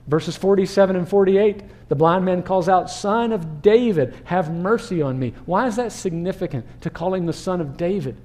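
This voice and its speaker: A man delivers a sermon, lively and engaging, throwing questions at the listeners. His voice sits slightly high with a warm, mellow tone. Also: moderate pace, few pauses. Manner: animated, acts out crowd voices and rhetorical questions. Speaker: pastor.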